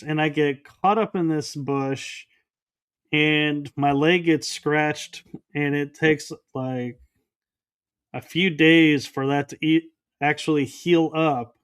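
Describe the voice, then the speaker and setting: A man's voice: on the high side, smooth. A man, a podcast guest, recounting a personal experience in an interview and acting out the dialogue. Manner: storytelling that acts out quoted dialogue.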